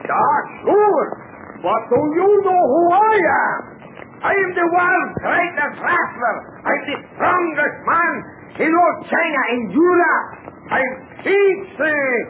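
A swaggering, bald bandit chief and wrestler brags in broken English for an old radio serial. The sound is narrow and tinny like an old broadcast. A steady hiss sits under the voice. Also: male voice, very high-pitched, slow, full character voice. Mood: blustering. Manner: broken English, blustering, laughing. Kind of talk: 1940s radio acting. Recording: scratchy 1940s radio broadcast, noisy.

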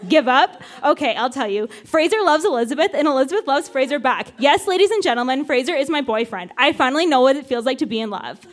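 A woman's voice: sits high, animated, fast talker, hardly any pauses. A woman reading her teenage diary aloud on a theatre stage, often laughing through her lines. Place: theatre stage with a live audience.

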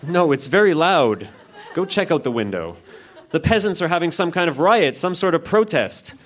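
A man's voice: fairly high pitch, lively intonation, normal speed, voice pushed up, natural voice. Guy playing a grumpy stuck-up nobleman, bouncy delivery. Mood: irritated. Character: stubborn pompous nobleman doctor.

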